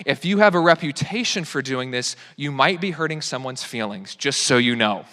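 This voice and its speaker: Young male pastor, bright forceful tone, lively sermon with playful impressions, hall reverb. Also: mid-range voice, normal speed, hardly any pauses. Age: young adult. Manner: animated, self-mocking, acts out quoted excuses. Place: church sanctuary.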